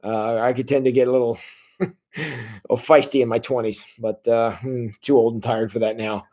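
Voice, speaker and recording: A man in his forties runs a casual Bible study on a livestream setup, speaking at a normal speed with a warm, medium-pitched voice and fairly even intonation. His style is folksy and conversational, peppered with filler sounds.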